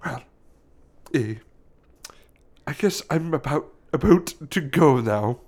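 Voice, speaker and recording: A man's voice: fairly high pitch, lively intonation, slow pace, a little mellow, heavily acted. A man voicing an aggrieved Canadian man with a put-on Canadian accent, who keeps tagging his lines with "eh". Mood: wounded. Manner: tags sentences with "eh", wounded and accusing. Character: aggrieved Canadian man Todd, betrayed old friend.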